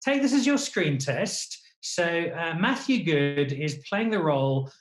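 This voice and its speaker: A man's voice: a little high, big pitch swings, a little slow. Teasing man, roomy sound. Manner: teasing, playful, with stammered restarts. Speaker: host. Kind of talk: casual interview.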